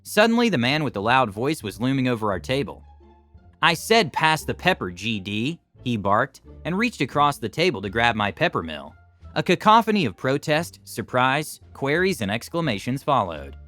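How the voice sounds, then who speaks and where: A man narrating online stories in a scripted, animated and expressive way, adding his own comments. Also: mid-range voice, moderate pace, soft background music. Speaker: story narrator.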